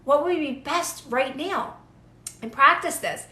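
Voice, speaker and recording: A woman's voice: sits high, slow pace, sharp tone, roomy sound. A young woman giving casual, earnest manifestation advice to viewers on a live stream, repeating phrases for emphasis.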